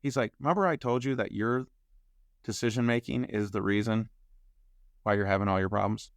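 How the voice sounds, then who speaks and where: A man telling a personal story as a podcast guest, acting out the quoted dialogue with lively shifts in voice. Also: fairly low pitch, fairly quick, dry recording, studio quality. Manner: animated storyteller who acts out quoted dialogue.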